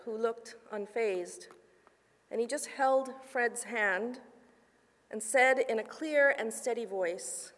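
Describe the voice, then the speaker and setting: Woman pastor preaching in an echoing church. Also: on the high side. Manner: storytelling, shifts between lively asides and hushed narration. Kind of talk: sermon. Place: church sanctuary. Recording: long reverb of a church hall.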